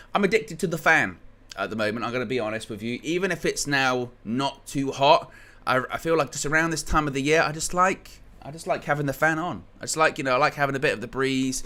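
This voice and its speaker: A man's voice: mid-range voice, sharp tone. A man from England hosting a live-stream football fan show, chatty and rambling as he reads out viewer comments. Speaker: fan channel host.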